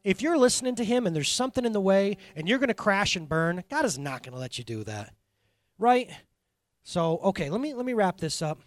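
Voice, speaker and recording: A man preaching from the pulpit, voice leaping up and down as he tells a story. He drops low and intense for serious points, then bursts out loud. The sound is close and dry. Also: brisk, no echo. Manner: animated storytelling, swinging from quiet intensity to loud laughing bursts. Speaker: pastor. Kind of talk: sermon.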